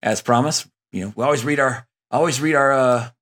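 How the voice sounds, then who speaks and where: A man's voice: medium pitch, a little fast, fairly bright tone. A man hosting a casual movie podcast, talking in a rambling way with many fillers and restarts, reading listener emails aloud. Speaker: podcast host.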